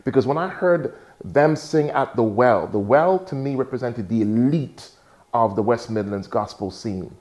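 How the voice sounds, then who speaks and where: A man's voice: medium pitch, moderate pace, a little mellow. A man reminiscing emphatically in an interview. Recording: dull lo-fi sound.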